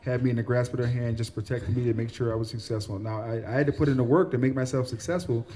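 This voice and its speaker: A man's voice: medium pitch, fairly even intonation, very fast, dark tone. A man, a guest in a casual cafe interview, talking earnestly and often repeating words as he thinks. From Central New York. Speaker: guest, former football player.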